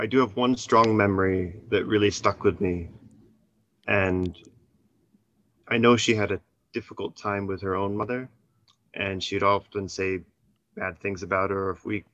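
A man calling in to an advice show, speaking hesitantly and softly with many fillers. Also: on the low side, fairly even intonation, a little slow, pauses often, no room sound. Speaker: caller. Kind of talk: call-in conversation. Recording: dull phone-line caller audio.

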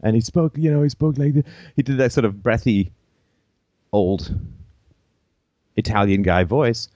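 A man's voice: mid-range voice, unhurried, dark tone, no room sound, studio quality. A man hosting a call-in show, telling long rambling anecdotes and chuckling as he goes.

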